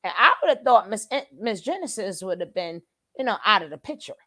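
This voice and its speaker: A woman's voice: medium pitch, expressive, brisk, pushed and bright. Chatty, scoffing woman commentator. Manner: chatty, scoffing, rhetorical questions. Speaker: commentary channel host. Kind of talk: casual reaction commentary.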